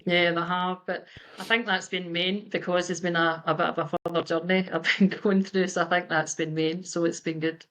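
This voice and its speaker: Woman guest on a podcast, lowish flat voice, calm and measured. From Scotland. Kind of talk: reflective interview answers.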